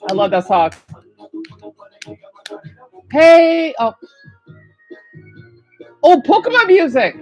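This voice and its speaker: A woman's voice: high-pitched, drawn-out words, pauses often, dull audio, faint music behind. A woman streamer chatting casually as she reacts to songs and talks to her viewers by name. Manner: excitable, talks to chat by name.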